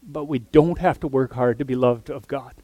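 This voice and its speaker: A man preaching a sermon earnestly, his voice swinging from loud emphatic lines to soft, near-whispered ones. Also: mid-range voice, normal speed, no echo.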